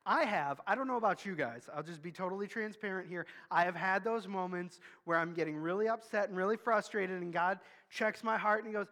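A man's voice: high voice, brisk, few pauses, sharp tone. A man preaching a sermon in a candid, conversational storytelling way. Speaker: pastor. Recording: long hall reverb.

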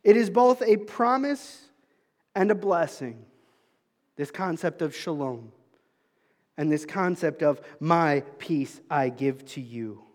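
A man preaches from the pulpit in a high, light voice. He shifts between easy conversational asides and loud, pressing questions to the congregation. The sound carries a long, echoing church reverb. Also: lively intonation, slow pace. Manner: conversational preaching, rising to emphatic calls, dropping to soft asides. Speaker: pastor. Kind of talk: sermon.

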